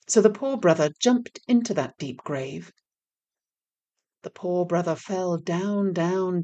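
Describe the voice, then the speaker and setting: A woman reading a folk tale aloud, in a measured and expressive storytelling manner. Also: on the low side.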